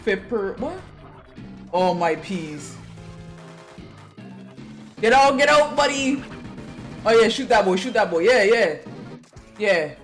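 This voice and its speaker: A streamer giving excitable reaction commentary on a game trailer, swinging between low mutters and shouts and swearing freely. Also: takes it slowly, pauses often, soft background music.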